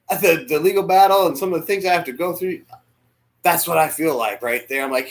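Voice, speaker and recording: A man preaching a sermon as pastor, emotional, dropping to near whispers and rising to shouts. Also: a little high, brisk. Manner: emotional, swings from hushed to shouting. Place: church sanctuary.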